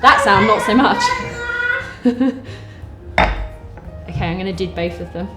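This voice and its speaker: A woman's voice: mid-range voice, expressive, fast talker, echoey room, loud music behind the voice. A woman talking casually through a home cocktail recipe step by step, joking as she goes, in a kitchen. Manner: chatty, jokey, explaining step by step. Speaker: vlogger. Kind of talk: casual cooking demo.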